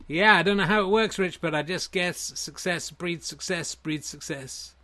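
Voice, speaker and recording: A man voicing a smug, successful version of himself who brags in a lazy, relaxed drawl. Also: sits high, normal speed. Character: smug, laid-back successful man, self-satisfied show-off.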